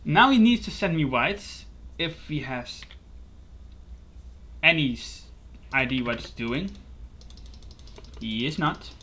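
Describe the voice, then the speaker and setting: A man giving casual live commentary over his own gameplay, excitable and quick to swear and laugh at his plays. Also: a little high. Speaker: gaming YouTuber.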